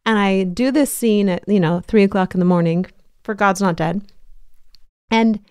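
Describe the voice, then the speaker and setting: A woman's voice: mid-range voice, moderate pace, darkish tone, clean tone, no echo, clean studio sound. A woman hosting a casual podcast interview, bubbly and gushing, laughing often. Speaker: podcast host.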